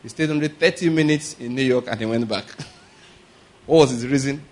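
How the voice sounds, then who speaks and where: Talking a little fast with a darkish tone at a middle pitch, a male preacher works through his sermon conversationally. He rambles into stories with chuckles and checks on the congregation by asking "are you getting my point?" and "all right?"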